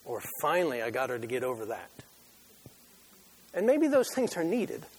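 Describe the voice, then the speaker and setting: A man preaching a sermon who tells an animated, joking story and acts out his own reactions. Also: mid-range voice, moderate pace, slightly rough. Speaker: pastor.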